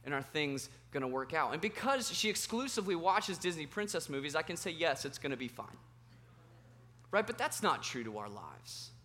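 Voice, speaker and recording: Bright high-voiced man preaching. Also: moderate pace. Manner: animated and self-deprecating, asks the audience questions. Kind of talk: sermon with prayer and humorous storytelling. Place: meeting room with a live audience.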